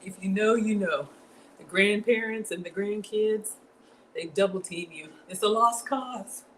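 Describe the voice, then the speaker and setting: A woman hosts a home cooking livestream from her kitchen, chatting in a lively, animated way. Her voice sits at a middle pitch, and she talks straight to her viewers. A faint hum runs behind her. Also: measured pace. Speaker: home cook livestream host.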